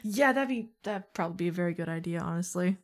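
A woman's voice: fairly low pitch, fast talker. A woman playing a tabletop game, talking hesitantly with lots of fillers and giggles. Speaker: player.

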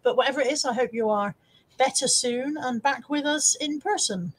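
A woman with a high-sitting voice hosts a casual live stream at normal speed, chatting and laughing as she reads viewer comments, though the audio is poor. She resells on eBay, and her manner is chatty and self-mocking, with frequent laughter.

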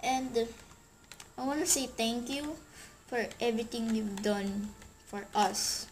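A woman vlogger giving a halting, emotional thank-you to a friend, searching for her words. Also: on the high side, fairly even intonation, slight background noise. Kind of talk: heartfelt thank-you vlog.

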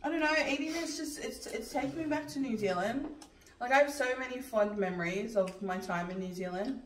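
A woman's voice: a little high, brisk. A woman chatting on a mukbang, enthusiastic and reminiscing about food. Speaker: mukbang co-host. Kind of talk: casual chat while eating. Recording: roomy echo, mic far off, faint noise.

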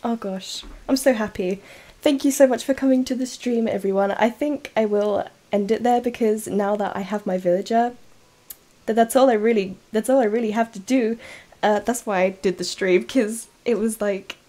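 A woman streaming a game live, chatting casually and giggling, with bursts of excited squeals. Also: mid-range voice, normal speed. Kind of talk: casual live-stream chat while playing.

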